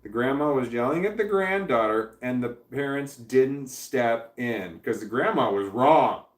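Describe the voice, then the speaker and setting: A man's voice: medium pitch, expressive, measured pace, echoey room, distant mic. A man chatting casually on a livestream, reading viewer comments aloud, rambling and swearing freely with frequent laughs. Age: adult parent.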